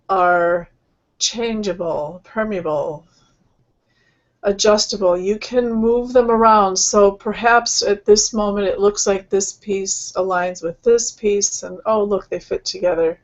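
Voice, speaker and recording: A woman hosting an online healing session, speaking gently and rambling, with many fillers and restarts. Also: mid-range voice, slow pace, highs cut off. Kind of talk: casual spiritual talk.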